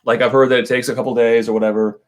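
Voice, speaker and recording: A man's voice: mid-range voice, flat delivery, rapid-fire. Joking man reading super chats. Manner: laughs often, joking, thanks viewers by name. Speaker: co-host of a whiskey channel livestream. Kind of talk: casual livestream chat.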